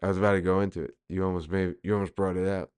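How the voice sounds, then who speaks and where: A man's voice: deep voice, little pitch movement, rapid-fire, darkish tone, clear, resonant tone. A man hosting a podcast, chatting and joking casually with a guest. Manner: joking, puts on mock voices. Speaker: podcast host.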